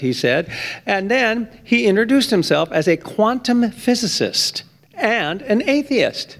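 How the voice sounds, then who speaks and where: A man preaching a sermon, with emphatic stress that climbs high on key points. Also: big pitch swings, unhurried, vocal fry, fairly bright tone. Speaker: pastor.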